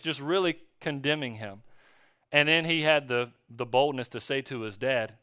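A male pastor preaching a conversational sermon, telling a story in a relaxed way with fillers and restarts. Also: medium pitch, moderate pace, smooth, no echo, clean studio sound. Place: church.

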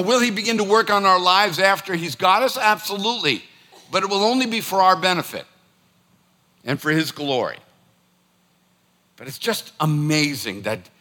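Guy giving a sermon, lively up and down voice, bright tone, chatty storyteller. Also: fairly high pitch. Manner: animated storytelling, acts out scolding his dog. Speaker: preacher.

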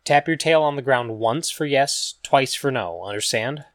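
A man voicing a caring, determined woman in a storybook reading who asks gentle questions and sometimes speaks in a hush. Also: mid-range voice, normal speed, no echo, clean studio sound, close to an everyday voice. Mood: gently probing. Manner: gentle questioning, hushed at times.

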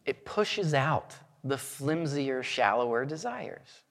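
A man preaching a sermon as pastor, earnest and measured, lifting his voice for emphasis. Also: mid-range voice, animated, creaky, a bit bright, long reverb tail.

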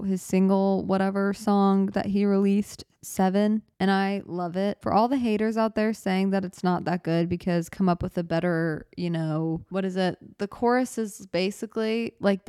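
A woman's voice: medium pitch, dark tone, clear, resonant tone, no room sound. A young woman hosting her own podcast from a small studio apartment, chatting casually, rambling and joking at her own expense, often running short of breath as she talks. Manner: rambling, self-deprecating, talks fast and runs out of breath. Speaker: podcast host. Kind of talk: casual solo podcast chat. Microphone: studio microphone.

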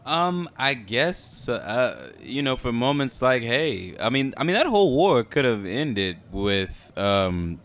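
A man's voice: mid-range voice, very animated, slow pace, few pauses, a bit bright, slight background noise. A man co-hosting a casual podcast, laid-back, often laughing and trailing off with fillers. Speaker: podcast co-host. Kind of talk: casual chat.

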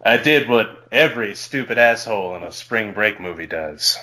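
Low-voiced podcast guy reading a story slow and breathy, bright edge to it. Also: expressive. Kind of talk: dramatic story reading with a put-on sexy voice.

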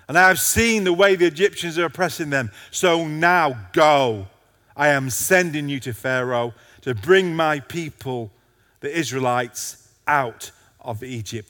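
A man's voice: medium pitch, a bit bright, big-room sound. A male pastor preaching a passionate sermon to a congregation, his intensity rising and falling.

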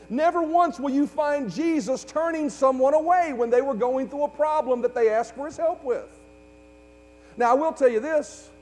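A man's voice: very high voice, a little mellow. A man preaching a sermon to his congregation, building fervor and calling for responses. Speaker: pastor. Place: church sanctuary. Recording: hall reverb with faint mains hum.

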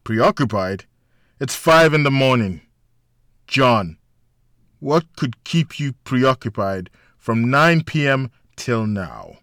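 A man's voice: mid-range voice, sing-song, takes it slowly, fairly bright tone, dry recording, studio quality, pitched above the performer's own voice, heavily acted. A man reading a novel aloud, voicing a firm, patient friend who urgently presses another man to pull himself together. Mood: stern. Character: stern, caring man pressing his friend.

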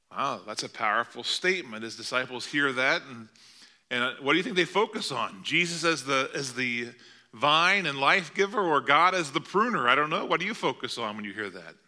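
Male pastor, middle-aged, very bright tone, earnest conversational sermon delivery. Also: on the high side. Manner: earnest, conversational preaching with rhetorical questions.

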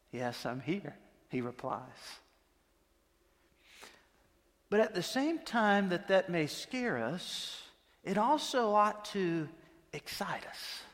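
Guy preaching, high voice, chatty storytelling, big echoey church hall. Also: fairly bright tone. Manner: storytelling, conversational, with dramatic pauses. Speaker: pastor. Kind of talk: sermon. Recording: long reverb of a large hall.

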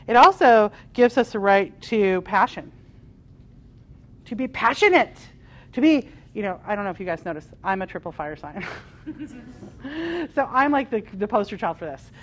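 A woman with a mid-range voice leads a live spiritual workshop in front of a group. Her delivery is passionate and emphatic, swinging from loud declarations down to quieter asides. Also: mid-range voice, lively intonation, moderate pace, long pauses. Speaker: workshop leader. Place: workshop room with a live audience.

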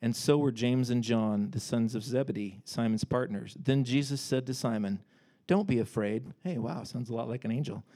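Male preacher, mid pitch, casual and animated, reads verses then riffs on them. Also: normal speed, hardly any pauses. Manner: animated, conversational, breaks off to joke and paraphrase. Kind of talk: casual sermon with scripture reading.

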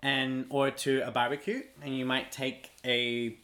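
A man's voice: medium pitch, little pitch movement, measured pace, sharp tone. A man from Australia with an Australian accent, co-hosting a podcast in an easygoing, joking chat. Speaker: podcast co-host. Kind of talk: casual chat.

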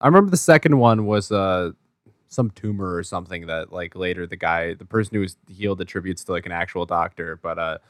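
A man's voice: deep voice, fairly quick, no room sound. Joking male podcast co-host, dry mic. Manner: joking, questioning. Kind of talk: casual podcast chat.

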